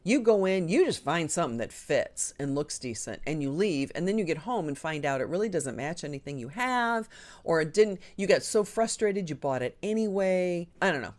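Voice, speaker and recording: A woman hosting a live online show, chatting casually and enthusiastically with frequent ums and a lively, swinging delivery. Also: fairly low pitch, moderate pace. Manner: chatty and enthusiastic, talks with her hands in the air of her voice, frequent ums. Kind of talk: casual live-stream chat.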